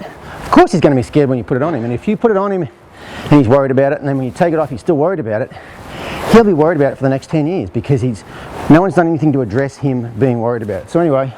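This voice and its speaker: A man's voice: mid-range voice, dark tone, slight background noise, poor audio. A man, a horse trainer telling a story in a folksy, conversational way while demonstrating outdoors. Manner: folksy, conversational, checks in with listeners.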